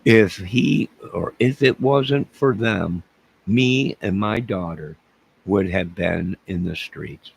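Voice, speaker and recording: Man, deep voice, husky, livestream host, rambling casual chat, joking, loud bursts and mutters. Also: slow, poor audio. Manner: rambling and joking, answering his chat by name; swings between loud outbursts and mutters. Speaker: livestream crime-case commentator.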